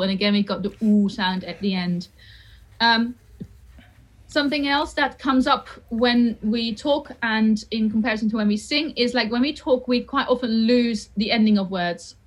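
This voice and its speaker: A woman teaching the pronunciation of song lyrics in a chatty, informal way, sounding out each word slowly. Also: fairly high pitch, rough recording. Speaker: singing and Dutch diction teacher. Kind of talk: lesson, talking through song pronunciation.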